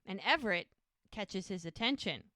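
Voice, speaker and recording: A woman's voice: medium pitch, animated, normal speed, pushed and bright, dry recording, studio quality. A woman co-hosting a podcast, retelling TV scenes in casual chat and quoting the characters' lines. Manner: retells scenes with quoted dialogue. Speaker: podcast co-host.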